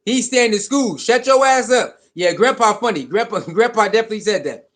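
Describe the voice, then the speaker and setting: High voiced guy livestreaming, loose and repetitive, reading chat out loud. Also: fairly quick. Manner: animated, repetitive, reads chat comments aloud. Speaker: livestream host.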